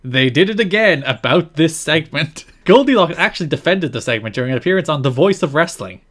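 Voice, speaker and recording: A man's voice: on the high side, animated, fairly quick, a bit bright. A man co-hosting a podcast, recapping old wrestling TV segments in a dry, wry casual chat. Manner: dry, wry, recounts events from notes. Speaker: podcast co-host.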